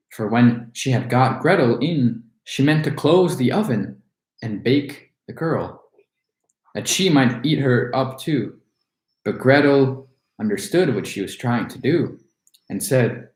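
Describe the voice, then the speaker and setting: Guy reading a fairy tale out loud, expressive, roomy echo, middle pitch. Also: a little slow. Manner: expressive, storytelling. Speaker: storyteller.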